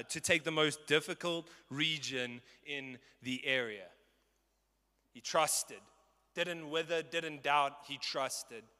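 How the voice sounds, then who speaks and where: A man's voice: on the high side, sharp tone, long reverb tail. A man in his twenties preaching a sermon with passion and emphasis. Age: 20s.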